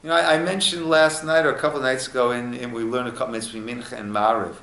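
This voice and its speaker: A male rabbi teaching an informal study class, unhurried and acting out little dialogues as he explains. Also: mid-range voice, fairly even intonation, sharp tone. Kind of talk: informal text study lesson. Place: echoey room at a lunch study group. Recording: roomy echo.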